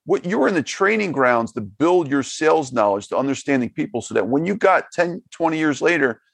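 A man's voice: a little high, animated, brisk, creaky, no room sound. A man hosting a podcast, rambling and repeating words as he sums up his guest's points. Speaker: podcast host. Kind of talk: podcast conversation.

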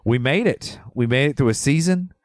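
A man's voice: medium pitch, normal speed, no echo, studio quality. A man hosting a movie podcast, talking in casual chat with playful, teasing banter. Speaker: podcast host.

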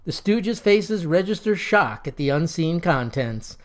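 A narrator reading a slapstick comic story aloud in an even storytelling delivery. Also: medium pitch, a little slow.

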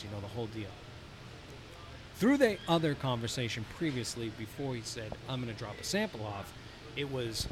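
A man hosting a casual podcast, telling animated stories and swearing freely. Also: mid-range voice, fairly quick, noisy background. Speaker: podcast host, golf course superintendent. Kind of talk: casual chat. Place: brewery.

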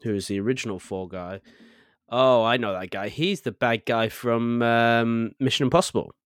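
A man's voice: mid-range voice, normal speed, clear, resonant tone, no echo. Easygoing man with a dry voice. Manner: easygoing, reads film news out loud. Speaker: podcast co-host. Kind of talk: casual chat.

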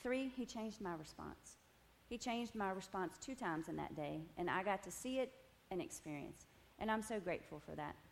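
A woman's voice: mid-range voice, expressive, normal speed, gravelly, hardly any pauses, a little hiss or hum. A woman giving a personal testimony to a group at tables, telling her story animatedly with laughter and frequent asides to the room. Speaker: women's ministry speaker.

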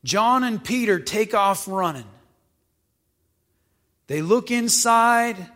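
A man preaching, reading scripture aloud and explaining it conversationally, pausing to ask the listeners questions. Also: high voice, expressive, fairly bright tone. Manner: reads verses then explains them conversationally, asking questions. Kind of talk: Bible teaching, reading scripture with commentary. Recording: long hall reverb.

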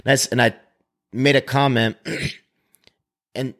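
A man's voice: medium pitch, unhurried. A man in casual conversation, telling a story animatedly, swearing and acting out what people said. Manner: animated, profane, acts out quotes.

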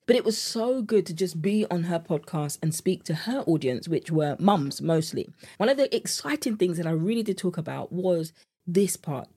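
A British woman hosting a solo podcast as a nutrition coach, chatty and animated, laughing at her own jokes. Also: fairly low pitch. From United Kingdom.

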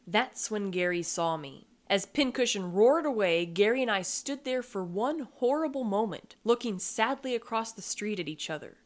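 A woman reading a first-person story aloud as podcast host, wry and expressive. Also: mid-range voice.

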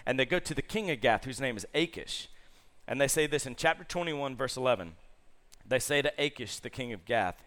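A youth pastor preaches to young people, telling the story in a lively, casual way and putting questions to the audience. His mid-range voice moves at a brisk pace.

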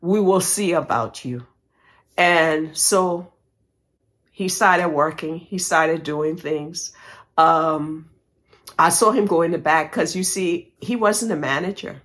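A woman podcast host telling a personal faith testimony, emotional and animated, breaking into praise. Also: sits low, takes it slowly.

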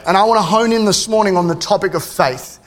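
A man's voice: sits high, fast talker. A man, preaching a sermon in a casual way with joking asides and frequent restarts. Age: 30s. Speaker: pastor.

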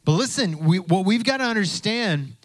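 A man's voice: high voice, expressive, moderate pace, no echo. A man preaching a sermon in a conversational way, repeating phrases and acting out the voices he quotes. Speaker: pastor.

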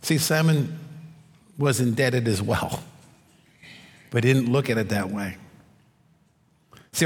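Male pastor, mid-pitched voice, expository sermon, church hall reverb. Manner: expository preaching, rhetorical questions, slows for emphasis.

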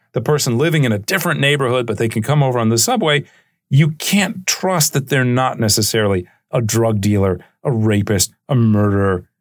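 A man hosting a history podcast, lecturing in a loose, conversational way and often pausing with "uh" and "right?". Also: lowish voice, no echo, clean studio sound. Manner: chatty and digressive, with frequent "uh" and "right?".

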